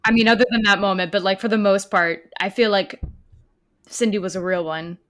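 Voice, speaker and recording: A woman's voice: medium pitch, fairly even intonation, a little fast. A woman co-hosting a podcast in casual chat, talking chattily and correcting herself as she goes. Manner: chatty, self-correcting, apologetic asides. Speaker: podcast co-host.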